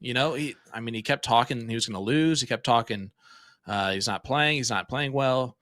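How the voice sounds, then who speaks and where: A young man doing casual, excitable live darts commentary from a small streaming room, chatty with lots of fillers. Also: medium pitch, moderate pace, no echo, clean studio sound.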